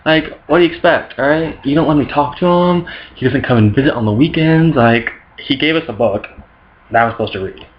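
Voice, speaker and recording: A man's voice: a little high, a little fast, lo-fi sound, pitched above the performer's own voice, natural voice. A man voicing Jesus as a laid-back, slangy young guy who talks back to his mother. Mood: defensive. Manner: casual bro slang, defensive.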